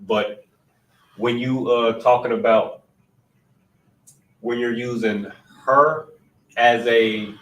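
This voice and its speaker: A man's voice: medium pitch, steady tone, slow, long pauses, a bit bright. Man explaining grammar in a roomy space. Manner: patient, explaining step by step, thinks aloud. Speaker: class teacher. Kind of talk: informal Hebrew grammar class. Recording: roomy, distant mic.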